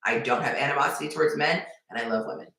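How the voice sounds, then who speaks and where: A woman dating coach giving advice on a live stream, emphatic and repetitive with sudden excited bursts. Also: low-pitched, rapid-fire, creaky. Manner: emphatic, repeats points, animated bursts. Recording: very echoey room.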